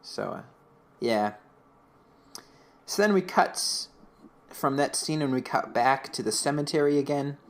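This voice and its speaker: A man's voice: mid-range voice, expressive, a little slow, pauses often. A young man co-hosting a casual fan podcast, rambling through a retelling with many fillers. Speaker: podcast co-host.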